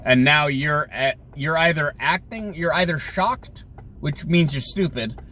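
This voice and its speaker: A male podcast host giving sarcastic, opinionated solo commentary while he drives, mocking others in shrill put-on voices. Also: measured pace, bright, forceful tone, low-quality recording. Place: in a car. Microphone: phone or camera mounted in the car. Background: faint car and road noise.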